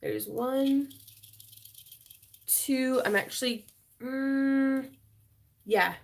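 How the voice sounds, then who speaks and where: A woman's voice: high-pitched, extremely slow, vocal fry. A woman hosting a craft livestream, chatting with viewers and giggling as she demonstrates wire wrapping. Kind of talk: casual livestream chat and tutorial. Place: home craft room.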